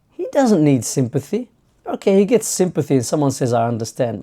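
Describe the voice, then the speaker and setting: Man, channel host, reflective monologue, conversational, dark mellow tone. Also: medium pitch. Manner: acts out imagined dialogue in a conversational way.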